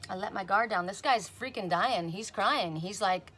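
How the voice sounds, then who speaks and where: A woman's voice: mid-range voice, normal speed, bright, forceful tone, soft background music. A woman giving a casual spoken oracle card reading. She chats, often tags on "right?", and breaks off with sudden emphatic "Stop.".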